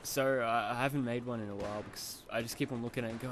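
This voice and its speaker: A man's voice: mid-range voice, steady tone, very fast, fairly bright tone. Young Australian man, slight lisp, sniffly, self-deprecating rambling gamer commentary, faint background noise. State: sniffly from hay fever. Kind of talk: casual gameplay commentary.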